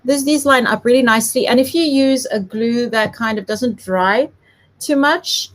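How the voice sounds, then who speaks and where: A woman's voice: fairly high pitch, normal speed. A woman from South Africa with a light South African accent, giving a chatty, giggly live papercraft tutorial. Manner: chatty, giggly, self-deprecating. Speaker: papercraft demonstrator.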